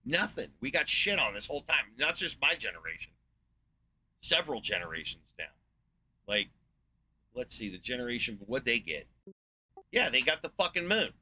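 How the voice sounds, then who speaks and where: A man in his forties from the United States, giving a profane, sarcastic and exasperated rant as a video host, rambling with filler pauses. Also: mid-range voice, sing-song, sharp tone, low-quality recording. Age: 40s. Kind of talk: ranting monologue.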